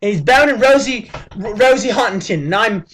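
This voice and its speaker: A cheeky, jealous British bloke, as a man puts on the accent, teasing loud and high. His voice is bright and forceful. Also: animated, a little fast. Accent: put-on British.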